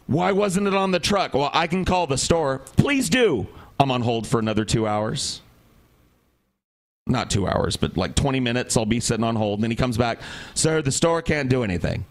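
Guy on a podcast ranting through a long annoyed story, mid-pitched plain voice. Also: moderate pace, long pauses. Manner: rambling, exasperated, acts out quoted people. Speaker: podcast co-host. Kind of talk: casual storytelling chat.

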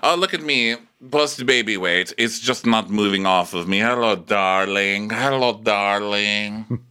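A man putting on a haughty rich woman with campy, drawn-out greetings. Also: lowish voice, pushed and bright, smooth.

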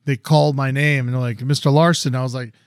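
A man's voice: mid-range voice, fast talker, a little hiss or hum. A man co-hosting a casual chat, telling a long story with lots of swearing and acting out quotes in a raised voice. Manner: animated, profane, acts out quotes in raised voice. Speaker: podcast co-host.

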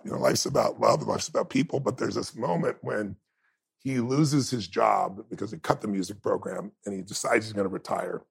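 A man with a heavily gravelly, rough-edged voice talks as a guest in a conversation. He tells stories with open emotion and firm emphasis, leaning hard into the moments that matter to him. His voice has a husky, breathy edge throughout. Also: on the low side, fairly quick. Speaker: interview guest. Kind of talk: heartfelt conversational storytelling.

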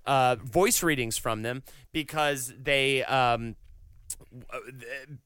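Smooth-voiced man telling a story. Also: medium pitch, slow, fairly bright tone, dry recording. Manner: profane, storytelling, reads facts aloud. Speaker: podcast co-host. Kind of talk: casual chat.

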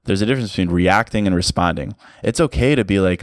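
A man's voice: sits low, fast talker, no echo. A man hosting a solo podcast, talking casually and reflectively, with lots of "like" fillers. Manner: casual and reflective, many "like" fillers, light laughs. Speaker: podcast host. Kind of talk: solo motivational podcast talk.

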